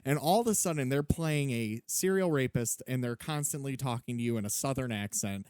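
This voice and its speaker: A man's voice: medium pitch, a little fast, a little mellow, clean tone, dry recording. Male co-host, emphatic and opinionated, dry close mic. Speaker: podcast co-host. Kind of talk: casual chat.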